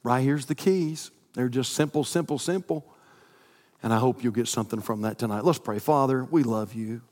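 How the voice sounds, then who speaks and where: A man, preaching a sermon as pastor, climbing to near-shouts and dropping to soft prayer. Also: mid-range voice, normal speed. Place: church sanctuary. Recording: long reverb in a church hall.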